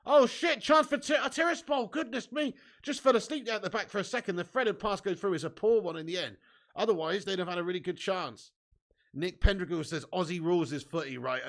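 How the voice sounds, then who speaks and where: A man hosting a live football watch-along, excitably commentating and reading out viewer comments with casual swearing. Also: sits high, gravelly.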